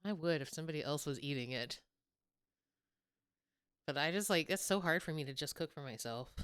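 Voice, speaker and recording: A young woman co-hosting a podcast in casual chat, animated and laughing often. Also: sits low, fairly quick, clear, resonant tone, no room sound, clean studio sound. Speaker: podcast co-host.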